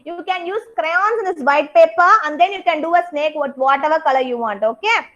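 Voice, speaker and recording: A woman's voice: high voice, fairly quick, muffled recording. A young woman with an Indian English accent, teaching a kindergarten craft class over a video call and praising each child by name. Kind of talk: online class instruction.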